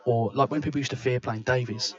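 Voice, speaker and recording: A man's voice: mid-range voice, fairly even intonation, fast, muffled recording. A man from Kent with a southern English accent, close to Cockney, giving chatty live pool commentary in a sports bar, often repeating words and restarting. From Kent, England.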